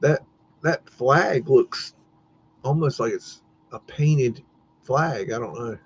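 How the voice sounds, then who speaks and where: A man's voice: medium pitch, takes it slowly. Casual male stream host, rambly, laughs a lot, salty language. Muffled lo-fi audio, faint hiss. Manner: rambling, laughing, swearing, talks to his dog. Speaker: livestream host. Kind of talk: casual livestream commentary.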